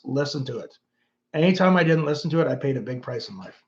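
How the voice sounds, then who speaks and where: Fast and lively in his intonation, with a voice on the higher side, a Canadian man in his fifties hosts a casual YouTube livestream. He rambles and reads viewer comments aloud, and the recording's highs are cut off.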